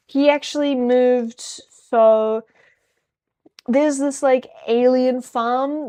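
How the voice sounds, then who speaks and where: A woman's voice: a little high, darkish tone, clear, resonant tone. A young woman streaming casually and chatting in a rambling, joking way while she packs. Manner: rambling, joking, self-deprecating. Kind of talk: casual live-stream chat.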